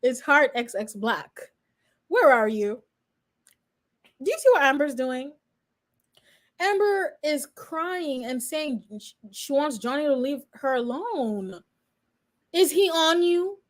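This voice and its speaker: A woman's voice: high voice, very animated, takes it slowly, pauses often. A woman in her twenties, a law student reacting live and chatting straight to her viewers. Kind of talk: live reaction stream commentary.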